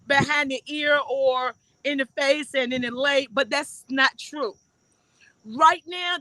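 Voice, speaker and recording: A woman hosting a live stream delivers the news with earnest emphasis, leaning hard on key points. Her voice sits high and rings bright and forceful. The sound is dry and close. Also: dry recording, poor audio. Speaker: livestream host and citizen reporter. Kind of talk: live news-style livestream.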